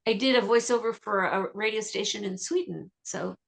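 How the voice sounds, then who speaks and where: A woman's voice: mid-range voice, gravelly. Chatty woman singer being interviewed. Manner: chatty and enthusiastic, quick asides. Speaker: guest vocalist. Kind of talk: radio interview conversation.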